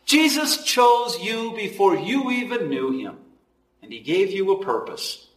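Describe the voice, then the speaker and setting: A man preaching a sermon, swinging between loud emphatic lines and hushed, slow ones. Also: high-pitched, very animated, reverberant, distant mic, poor audio. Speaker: pastor.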